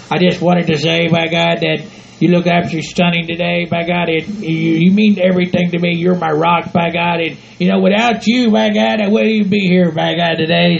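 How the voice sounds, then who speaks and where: A rowdy hillbilly husband with a gravelly, high-set voice and a thick drawl, stammering and folksy, as a man puts him on for a comedy podcast. The sound is dull and lo-fi, like a cheap home recording. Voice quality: gravelly, repeats "by God" constantly. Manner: halting, stammering, sentimental. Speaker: podcast regular. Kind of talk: comedic role-play podcast.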